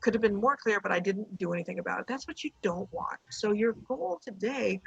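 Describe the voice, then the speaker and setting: A woman's voice: medium pitch, fairly quick, vocal fry, hardly any pauses, husky, no echo, rough recording. A woman business coach leading a casual online workshop, chatty and encouraging, telling stories from her clients. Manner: chatty, encouraging, tells anecdotes. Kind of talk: casual live coaching session.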